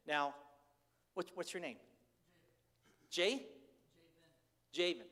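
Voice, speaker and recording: An older man preaching a conversational sermon as pastor, candid and animated as he tells stories. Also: a little high, extremely slow. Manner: candid, chatty, animated storytelling. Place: church sanctuary. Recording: reverberant church hall.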